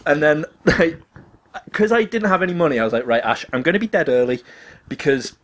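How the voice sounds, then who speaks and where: A man's voice: a little high, very animated, a little fast. A man hosting a podcast, telling a long anecdote in casual chat, laughing often and acting out the voices in his story. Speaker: podcast host.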